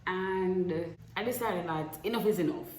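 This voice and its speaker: A woman's voice: fairly low pitch, measured pace, darkish tone. A young woman, candidly telling a personal story to camera and acting out past conversations. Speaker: vlogger. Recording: echoey room with faint noise.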